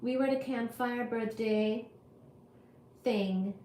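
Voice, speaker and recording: A woman on a livestream talks to her viewers at an unhurried pace, in a slightly high voice, apologizing and chatting while she recovers from being sick. Her voice rings in an echoey room with a faint hum behind it. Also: dark tone. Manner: chatty and apologetic, reads viewer comments aloud. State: recovering from illness. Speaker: livestream host teaching physics. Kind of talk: casual livestream chat with viewers.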